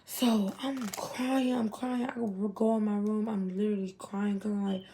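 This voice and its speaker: A young adult woman telling a storytime to her viewers in an animated, chatty way. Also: fairly high pitch, unhurried, slightly rough. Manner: animated, chatty, heavy use of 'literally' and 'y'all'. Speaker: vlogger. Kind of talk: casual storytime.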